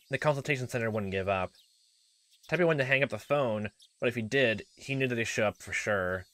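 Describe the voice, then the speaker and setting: With a medium-pitched, fairly bright voice and a brisk pace, a let's play narrator reads through a visual novel, restarting often and chuckling through jokey asides. His delivery is middling, and there's no room sound.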